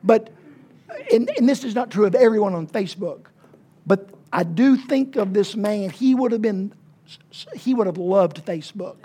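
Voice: mid-range voice, mellow, slightly rough. Chatty small-church pastor preaching. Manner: conversational, halting with fillers, emphatic asides. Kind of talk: informal sermon.

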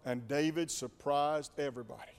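A man preaching a sermon as pastor, dramatic, swinging from hushed to shouting. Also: fairly high pitch, steady tone, moderate pace, clean tone, long reverb tail.

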